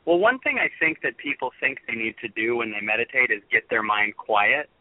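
A man's voice: medium pitch, sing-song, brisk, no room sound. A man guest on a phone-in radio interview, talking earnestly and at length about meditation and love. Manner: earnest, rambling spiritual talk. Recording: tinny phone line.

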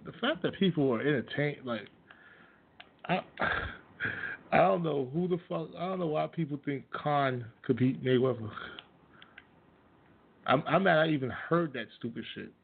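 A man's voice: mid-range voice, gravelly, slightly rough. A man hosting his own radio show, ranting casually and bluntly about sports with plenty of profanity and scornful laughs. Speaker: host. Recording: tinny phone-like audio.

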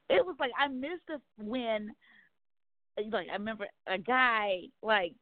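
A woman's voice: a little high, lively intonation, normal speed, no room sound. A woman guest talking candidly and bluntly about dating, outgoing and outspoken, cursing freely. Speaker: guest on a talk show. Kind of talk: casual candid conversation. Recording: phone-like dry narrow sound.

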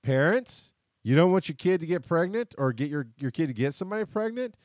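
A man's voice: fairly high pitch, animated, brisk, a little mellow, dry recording. Blunt, rambling man with a dry close sound. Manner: blunt, swears freely, rambling. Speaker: podcast host. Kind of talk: casual personal monologue. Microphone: headphones and desk mic.

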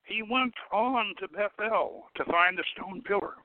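A man doing a defiant young captive, high and strained. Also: a little slow, no room sound. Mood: frightened. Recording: dry, tinny phone-like radio sound.

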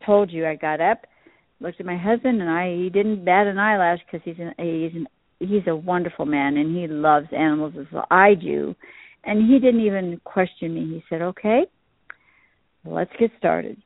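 In a casual interview chat, a woman shop owner phones in as a guest and shares earnest, emotional stories. She speaks at normal speed with a fairly low pitch, and the phone-call recording sounds dry and tinny.

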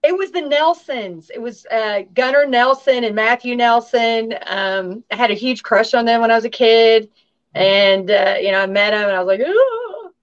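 A woman's voice: fairly high pitch, moderate pace, clean tone. Bubbly Southern woman on a dull call. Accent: Southern American. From Tennessee. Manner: bubbly, chatty, laughs often, many fillers. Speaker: guest, actress and singer. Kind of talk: casual interview chat.

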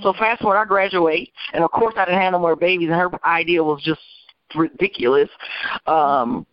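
A woman attorney from Michigan telling her life story as an interview guest, animated and acting out the people she quotes. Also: fairly low pitch, normal speed, dry recording. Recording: dull, dry lo-fi recording.

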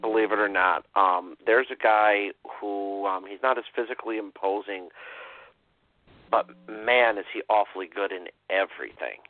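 Low-voiced man, halting, on a phone line. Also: steady tone, dry recording. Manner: hesitant, many ums, thoughtful. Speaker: podcast co-host. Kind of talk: casual chat. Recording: dry tinny phone line.

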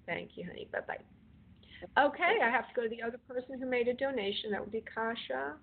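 Woman spirit medium hosting call-ins, fond terms for callers, raspy fry in the voice, heard over a thin phone line. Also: fairly high pitch, lively intonation, quick pace. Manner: affectionate, calls callers honey and darling. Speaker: spirit medium host of a call-in radio show. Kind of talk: call-in reading, relaying messages.

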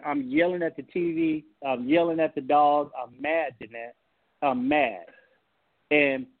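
A man, a pastor, telling a personal story on a call-in talk show in an animated, folksy way. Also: fairly high pitch, dry recording. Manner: animated, folksy storytelling with Southern turns of phrase. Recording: tinny phone-line audio, dry.

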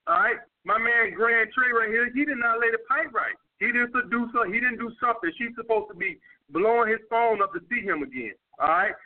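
His voice is extremely high and his pace brisk. He's a New York-accented dating coach answering viewer questions with crude, blunt advice in street slang, and the sound is tinny like a phone call.

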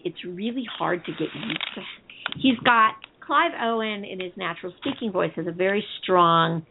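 Female talk-show co-host, low gravelly voice, chatty and rambling, heard over a phone line. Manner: chatty, rambling, reads listener comments aloud. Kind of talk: casual chat. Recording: tinny phone-line sound.

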